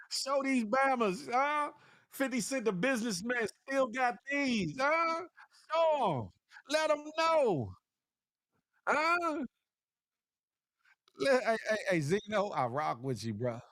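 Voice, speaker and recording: Man, high voice, dry close sound, animated morning-show host, teasing trash talk. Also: dry recording. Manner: animated, swings between high teasing calls and low serious asides; playful trash talk with laughs and repeated "huh?". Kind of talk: casual commentary monologue.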